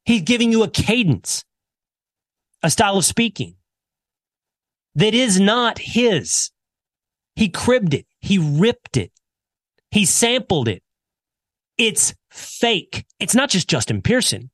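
A man's voice: high-pitched, big pitch swings, slow pace, long pauses, fairly bright tone, no echo, clean studio sound. A man hosting a podcast, delivering a scripted commentary segment with sarcastic, mocking emphasis. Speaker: podcast host.

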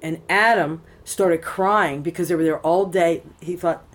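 At a temple, a woman being interviewed tells a personal story in casual conversation, rambling, frank and swearing freely. Her voice is lowish and a little slow.

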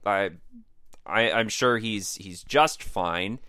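A man's voice: on the low side, bright, forceful tone, smooth, no echo, clean studio sound. A man playing an emotionally awkward sitcom father who halts and fumbles while trying to get his kid to stop crying. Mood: flustered. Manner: flustered, halting, uncomfortable. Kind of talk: improvised sitcom parody.

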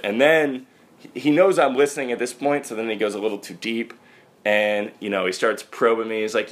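A man's voice: lowish voice, steady tone, fairly quick. A man hosting a podcast, telling a wry, profane, rambling story in casual chat. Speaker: podcast host.

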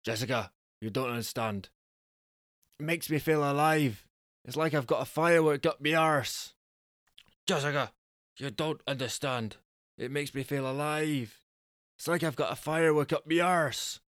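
A man voicing a restless, thrill-seeking husband with a West Country accent, speaking low and earnest. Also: moderate pace, a bit bright, no room sound, clean studio sound, lightly acted.

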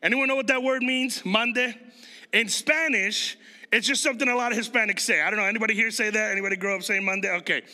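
A man's voice: high voice, steady tone, fast, bright, forceful tone. A man in his thirties from Chicago, preaching a conversational sermon and quizzing the congregation. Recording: long reverb of a large hall.

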